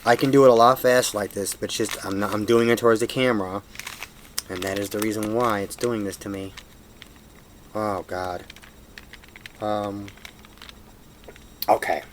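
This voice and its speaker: A man's voice: lowish voice, steady tone, normal speed, pauses often, slight background noise. A man casually walking through a puzzle tutorial at home, self-deprecating and apologetic as he fumbles, recorded on a camera mic. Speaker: hobbyist showing a puzzle solve.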